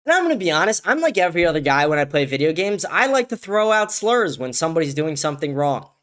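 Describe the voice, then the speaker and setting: Very animated and fast, the show host speaks at a fairly high pitch with a bit of brightness. His solo commentary is a heated, profane rant, full of stumbling restarts where he repeats words at the start of sentences.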